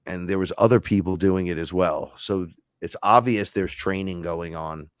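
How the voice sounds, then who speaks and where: Deep-voiced man rambling about spiritual experiences. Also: normal speed, clean tone, no echo, clean studio sound. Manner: rambling, profane storytelling. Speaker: host. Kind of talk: casual spiritual talk.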